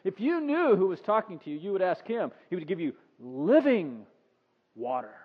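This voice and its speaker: A man voicing a calm, measured Jesus. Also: sits high, breathy edge, heavily acted. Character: calm, unhurried Jesus speaking plainly. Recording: dull sound with long reverb.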